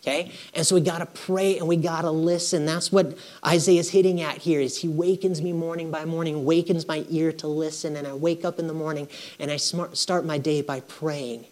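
A man's voice: a little high, flat delivery, normal speed, hardly any pauses, a little mellow. A man preaching a conversational sermon, emphatic and repetitive, often checking in with his listeners. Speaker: pastor.

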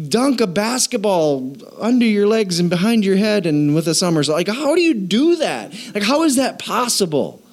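A man preaching a sermon in an animated, conversational way, acting out quoted voices. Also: a little high. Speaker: pastor.

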